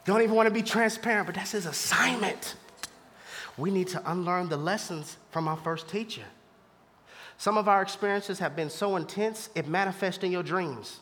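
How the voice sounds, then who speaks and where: A man preaching a sermon to a live church congregation, moving from hushed asides to shouted peaks and laughing along with the crowd. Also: high-pitched, moderate pace, slight background noise. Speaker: pastor.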